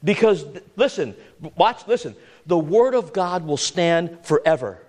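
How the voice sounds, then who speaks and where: Animated high-pitched male preacher. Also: measured pace. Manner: preaching with emphatic rhetorical questions. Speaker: pastor. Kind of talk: sermon.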